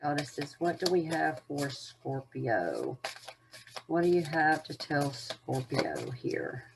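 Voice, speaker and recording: A woman's voice: low voice, very animated, takes it slowly, vocal fry, background noise. A woman giving an unscripted oracle card reading to her viewers, musing in a meandering way with many fillers.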